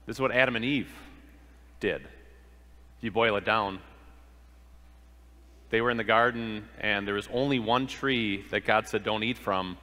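A man's voice: fairly low pitch, a little slow, long pauses, pushed and bright, big-room sound. A man preaching a sermon, earnest, asking rhetorical questions and acting out the quoted lines. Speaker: pastor.

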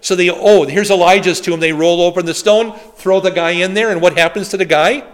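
A man's voice: sits high, steady tone, fairly quick. A man, a pastor, leading a Bible study in a conversational way, telling stories with humorous asides and rhetorical questions.

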